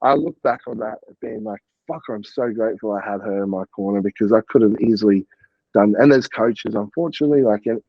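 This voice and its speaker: A man's voice: on the low side, a little fast, vocal fry, dry recording, muffled recording. A man, a podcast guest and coach, chatting casually and rambling with lots of "like" and the odd swear word. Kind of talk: casual interview chat.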